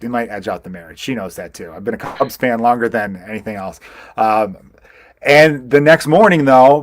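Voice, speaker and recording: A male podcast host, chatting casually at a medium pitch. He rambles through stories and swears freely. His voice is close and dry, with no room sound. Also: no room sound. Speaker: podcast host, stand-up comedian. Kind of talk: casual chat.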